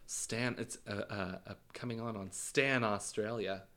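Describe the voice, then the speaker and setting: A man's voice: on the low side, steady tone, unhurried, bright, forceful tone. A man co-hosting a podcast, bantering casually in a playful, joking way. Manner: playful, joking, fond of silly voices. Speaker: podcast co-host. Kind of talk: casual chat.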